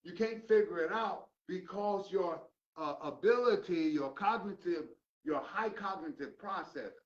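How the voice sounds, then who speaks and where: An older man lectures a recovery class in a preachy way, firing loud rhetorical questions and then dropping to low mutters. His voice sits fairly high for a man. The recording is dull and lo-fi, caught from across an echoey room. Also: distant mic.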